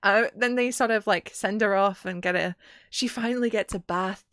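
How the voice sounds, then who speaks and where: A woman's voice: medium pitch, clear, resonant tone, no room sound. Dry, close-miked woman recapping a game. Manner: animated, acts out characters in quick voices. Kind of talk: casual recap chat.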